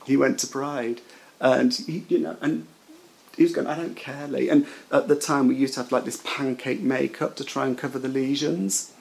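A man recounting a personal memory in halting, emotional storytelling, with frequent restarts. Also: medium pitch, steady tone, creaky, darkish tone, poor audio. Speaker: interviewee. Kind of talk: personal recollection.

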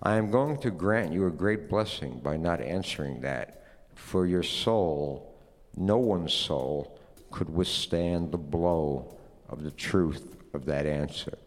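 A man's voice: lowish voice, expressive, slow, long reverb tail. A man voicing a tired, profane ancient creator god who grumbles and swears. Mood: soft consoling.

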